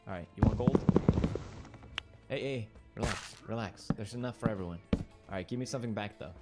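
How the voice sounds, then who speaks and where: A man's voice: lowish voice, fairly quick, loud music behind the voice. A young man streaming a game, giving playful, jokey commentary and talking to the characters on screen. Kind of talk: gameplay commentary.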